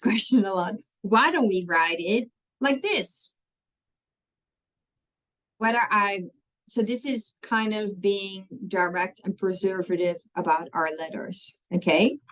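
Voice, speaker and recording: This mid-range female voice comes through on a poor recording. She's giving a language lesson, working through the spelling rules step by step with patience and often checking understanding with an "okay?".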